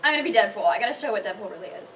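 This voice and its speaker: A woman cosplayer on a convention panel, chatting casually and telling animated stories with lots of laughter. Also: mid-range voice, racing, distant mic, a little hiss or hum. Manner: bubbly, laughs often, animated storytelling.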